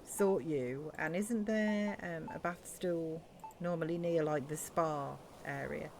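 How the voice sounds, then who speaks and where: Chatty woman, low voice. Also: takes it slowly, gravelly, darkish tone, a little hiss or hum. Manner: chatty, rambling, thinks aloud with many ums. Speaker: streamer playing a building game. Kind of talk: casual live-stream chat.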